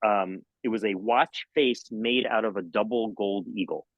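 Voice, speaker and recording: Brief: middle-aged male entertainer, energetic storyteller, jumps into high-pitched bits, dry close sound. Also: moderate pace, dry recording, lo-fi sound. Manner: lively, jokey, acts out anecdotes with sudden high exclamations. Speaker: magician and mentalist guest. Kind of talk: animated storytelling in a podcast interview.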